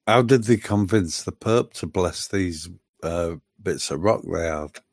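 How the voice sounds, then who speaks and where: A man in a relaxed conversation speaks with a low voice. He is blunt and cuts in with quick questions. The recording is dry and close. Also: dry recording. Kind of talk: casual chat.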